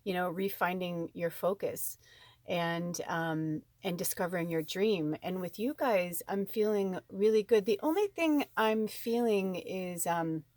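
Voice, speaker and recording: A woman giving a casual spiritual card reading, chatty and rambling with frequent ums, warm and encouraging toward her viewers. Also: lowish voice, unhurried, no echo.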